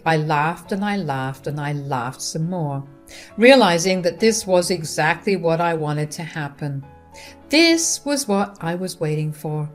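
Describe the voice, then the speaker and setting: A woman narrating a first-person revenge story in a wry, dramatic way. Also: sits low. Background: faint guitar music.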